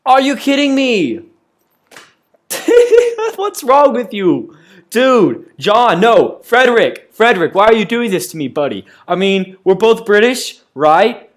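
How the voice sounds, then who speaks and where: A man's voice: fairly high pitch, animated, moderate pace, lightly acted. A young man voicing an exasperated male player character in a comedy parody, whiny, sarcastic and easily rattled.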